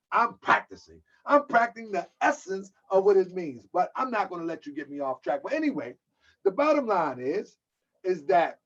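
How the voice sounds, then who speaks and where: A man's voice: sits high, a bit bright, slightly rough. Preachy man lecturing on a lo-fi stream. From United States. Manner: preachy, repetitive rhetorical questions, answers chat comments. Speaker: host of a live-stream talk. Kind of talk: casual lecture to a live audience. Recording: dull lo-fi sound.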